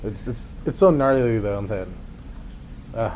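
A man's voice: fairly low pitch, expressive, unhurried, darkish tone, a little hiss or hum. A young man co-hosting a casual paranormal chat, laid-back and agreeable. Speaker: podcast co-host.

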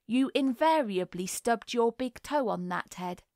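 A woman narrating a classic novel as an audiobook in a measured, unhurried reading. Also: a little high, animated, a little mellow, no room sound, clean studio sound.

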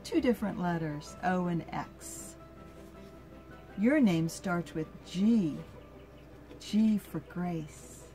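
An older woman reading a picture book aloud to her grandchild, slow and gentle, stopping to ask the child questions. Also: on the low side, lively intonation, faint music behind.

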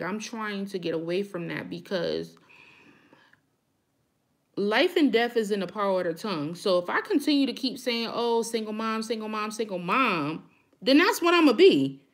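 A woman hosts a casual live chat, speaking frankly and with emphasis straight to her viewers. Her voice sits at a middle pitch, and she sounds close to the mic. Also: animated, moderate pace. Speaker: YouTuber hosting a live chat.

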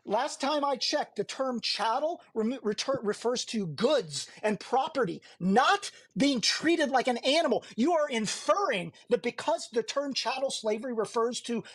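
Combative man in an online voice room, husky with a lively, fairly high pitch, pressing his opponent for exact definitions. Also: measured pace, few pauses, no echo. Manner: combative, interrupts, trades insults. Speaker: debater in an online audio room. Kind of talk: heated debate.

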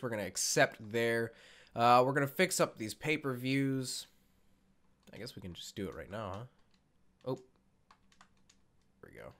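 A young man giving casual let's-play commentary as he sets up a wrestling game, rambling, correcting himself and swearing offhandedly. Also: medium pitch. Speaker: gaming YouTuber.

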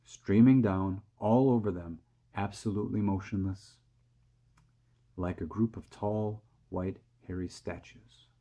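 A man calmly reading a children's storybook aloud, close to the camera mic. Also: deep voice. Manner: calm, steady reading.

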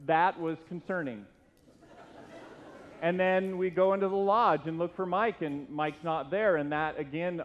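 A middle-aged man with a fairly high voice tells a tribute story slowly, mocking himself as he goes. His voice rings through a church hall. The recording is dull and lo-fi, with a faint hiss underneath. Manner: self-deprecating, animated storyteller. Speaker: former youth pastor giving a tribute. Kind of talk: humorous anecdotal tribute speech. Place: church hall at a retirement party.

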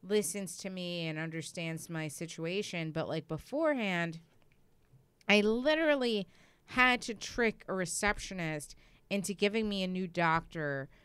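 A woman's voice: on the low side, a little slow, clean tone, no room sound. A young woman telling a story in casual chat, acting out the people she quotes. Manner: animated, acts out quoted dialogue, heavy use of "like".

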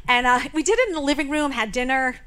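A woman speaking as a memorial speaker, telling personal stories in a chatty, halting way full of fillers and restarts. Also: sits high, expressive, sharp tone, clean tone. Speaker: memorial speaker, late comedian's roommate. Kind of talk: personal tribute speech. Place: live show venue.

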